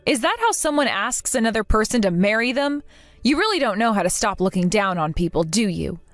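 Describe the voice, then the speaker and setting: A woman's voice: medium pitch, animated, brisk, no room sound, faint music behind, close to an everyday voice. A woman voicing a hurt young bride who speaks in an emotional, earnest way. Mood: cold. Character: hurt young bride, kind but resolute. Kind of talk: voiced drama narration.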